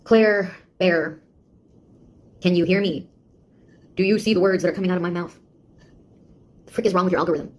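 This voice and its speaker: Her voice on the low side, a little mellow and close to an everyday voice, an actress moves at a moderate pace with long pauses. She portrays a sarcastic young woman, a beta tester in a one-sided audio drama who mocks and scolds a nosy AI, taunting and exasperated.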